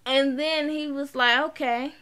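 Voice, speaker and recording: A woman with a high voice recaps a TV episode at an unhurried pace. She talks in a loose, slangy way and acts out each character's lines as she goes. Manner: animated, slangy storytelling, acting out quotes. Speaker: TV show reviewer. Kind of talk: casual retelling of a TV episode.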